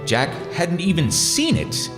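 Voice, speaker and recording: A man narrating a storybook at a live orchestra concert in a slow, expressive storytelling manner. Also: a little high, big-room sound, loud music behind the voice. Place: concert hall.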